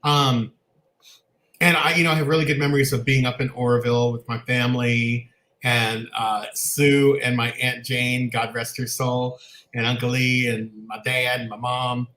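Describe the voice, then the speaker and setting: A man co-hosting a casual chat show, telling family stories in an animated way and laughing often. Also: medium pitch, normal speed, echoey room. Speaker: co-host.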